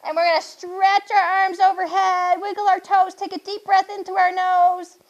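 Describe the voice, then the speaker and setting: A woman's voice: very high-pitched, level tone, normal speed, dull audio. A young adult woman guiding a children's yoga class with playful, sing-song encouragement.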